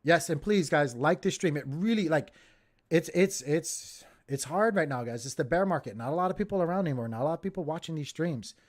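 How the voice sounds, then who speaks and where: Guy on a crypto livestream, kinda high voice, hyped and goofy, talking to chat. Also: a little fast. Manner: excitable, jokey, talks straight to viewers. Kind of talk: casual livestream market commentary.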